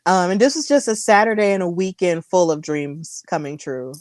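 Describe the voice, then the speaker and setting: A woman's voice: on the low side, expressive, moderate pace, darkish tone, dry recording, clean studio sound. A woman hosting a casual wrestling recap chat, telling the story in a gushing, emotional way. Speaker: host.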